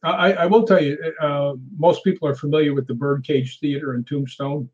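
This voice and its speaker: A man tells his ghost-hunting stories with animated, anecdotal energy. His voice is husky and a little high. The recording sounds dull and lo-fi. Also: normal speed. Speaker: guest ghost hunter. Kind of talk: casual storytelling in conversation.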